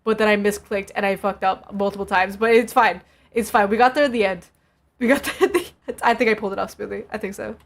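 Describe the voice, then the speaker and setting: A woman's voice: medium pitch, steady tone, quick pace, creaky. A woman streamer chatting casually and laughing as she looks back on her old clips. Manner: laughing, reminiscing, slangy.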